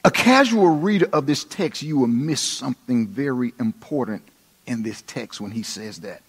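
A man preaching a sermon, dramatic, dropping to a hush and then rising to emphatic points. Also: mid-range voice, lively intonation, normal speed, breathy edge. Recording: long hall reverb.

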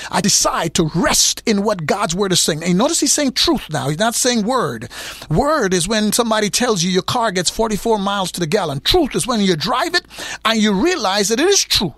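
Male preacher, sermon, high pitched, very animated delivery, emphatic repetition. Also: no echo. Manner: emphatic Bible teaching, repeats words for effect.

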